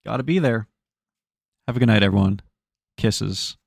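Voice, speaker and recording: A man's voice: fairly low pitch, moderate pace, vocal fry. A man streaming live, chatting loosely with his viewers as he wraps up, rambling and swearing freely. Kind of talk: casual stream sign-off chat to viewers.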